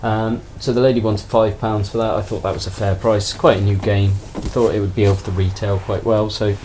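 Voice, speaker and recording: A man casually chatting through a haul of toy finds in a relaxed, rambling way. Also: lowish voice, a little fast, slight background noise. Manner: relaxed, rambling, self-deprecating. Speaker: toy collector vlogger. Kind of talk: casual haul video chat.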